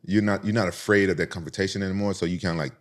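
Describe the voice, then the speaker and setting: Low-voiced fast-talking man from Memphis. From Memphis, United States. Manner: animated, profane, acts out voices in stories. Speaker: podcast host telling stories. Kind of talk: casual storytelling.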